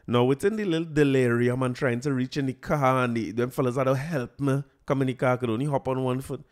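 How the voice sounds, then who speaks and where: Animated Trinidadian man telling a story. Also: medium pitch, fairly quick. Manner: animated, laughing, colloquial. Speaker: podcast host. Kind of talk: casual storytelling chat.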